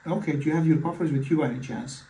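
Rapid-fire yet hesitant, a man plays the physician in a practice consultation, his fairly high, mellow voice full of fillers and restarts. The recording is echoey and far from the mic, with a little hiss or hum.

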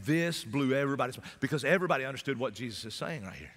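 A pastor preaching a sermon in a conversational way, at times breaking into loud shouts. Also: male voice, medium pitch, expressive, very fast. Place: church sanctuary. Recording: long church hall reverb.

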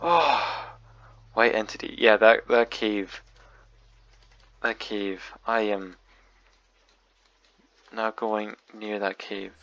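A man's voice: lowish voice, level tone, slow pace, pauses often, fairly bright tone, dull audio, a little hiss or hum. A man giving spooked gameplay commentary, jumpy and nervous, often repeating himself. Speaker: gaming video creator. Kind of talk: horror game commentary.

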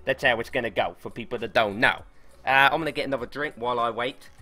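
A man livestreams a game in loose, excitable commentary, swearing freely and chatting to viewers. His voice is bright and forward, and faint music plays underneath. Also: medium pitch, quick pace. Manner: excitable, sweary, talks to chat. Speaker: game streamer. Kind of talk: casual gameplay livestream commentary.

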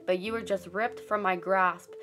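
A teenage girl delivering a spoken-word monologue as a student narrator, in an earnest, deliberate voice heavy with grief. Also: mid-range voice, steady tone, a bit bright, a little hiss or hum. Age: late teens.

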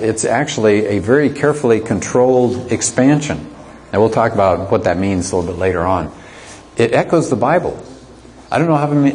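A man's voice: on the low side, darkish tone, a little hiss or hum. A man teaching an apologetics class, lecturing conversationally and asking the students rhetorical questions.

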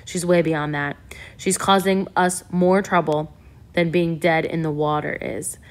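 A woman's voice: on the low side, fairly even intonation, unhurried, close to an everyday voice. A woman voicing a commanding, urgent male ship leader in an audiobook, speaking in clipped orders.

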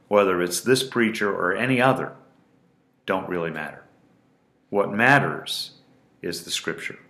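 Male pastor, sermon delivery, low voice with a bright, forceful edge, roomy sound. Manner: deliberate, emphatic preaching with repeated phrases. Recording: roomy echo.

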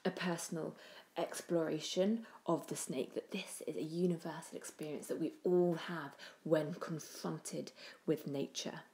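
A woman giving a poetry analysis lesson, thoughtful, with pauses and restarts, often trailing off quietly. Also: low voice, fairly even intonation. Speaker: teacher.

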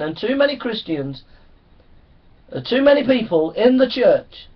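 A man preaching a sermon, emphatic and repetitive, driving his points home. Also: sits high. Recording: dull lo-fi recording.

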